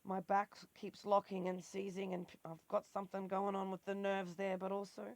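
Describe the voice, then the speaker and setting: A woman's voice: mid-range voice, completely flat delivery, moderate pace, a little mellow. A woman talking in a raw, emotional confessional vlog and swearing freely. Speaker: vlogger.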